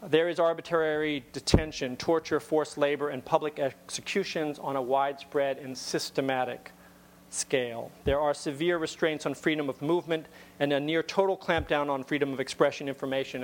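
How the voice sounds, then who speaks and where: A man with a slightly high voice gives a talk to an audience, telling a story conversationally with wry asides and frequently repeated words.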